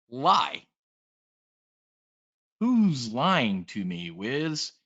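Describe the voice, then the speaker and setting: A man delivers an animated trading briefing, joking and calling out to the room. His voice is bright and pushed forward. The recording is muffled and lo-fi. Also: mid-range voice, extremely slow, pauses often. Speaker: trading educator. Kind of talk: energetic presentation to an audience. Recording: dull lo-fi sound.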